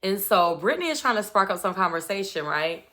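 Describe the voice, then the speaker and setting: Woman commentator, bright and forward tone, chatty and expressive recap delivery. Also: mid-range voice, a little fast. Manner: chatty, expressive storytelling with asides. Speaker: reality show recap commentator. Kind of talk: casual commentary.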